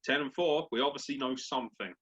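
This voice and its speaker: A man co-hosting a casual sports podcast, swearing freely and bantering in an animated, crude way. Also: mid-range voice, quick pace, crowd noise. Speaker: podcast co-host. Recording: dull lo-fi podcast audio.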